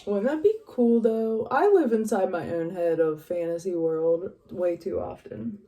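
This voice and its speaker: Young West Virginia woman, loose get-ready vlog chatter, mellow voice, drifts between topics. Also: medium pitch, lively intonation, unhurried. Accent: northern West Virginia. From West Virginia, USA. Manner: rambling, chatty, drifts off quietly. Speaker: vlogger. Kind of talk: casual get-ready-with-me chat.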